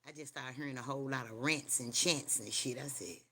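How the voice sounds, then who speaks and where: Brisk and bright yet husky, this mid-range voice has a forceful edge. Streaming casually from home, the host rambles through a spooky personal story and some street preaching, full of slang and profanity, often asking viewers "you hear me?"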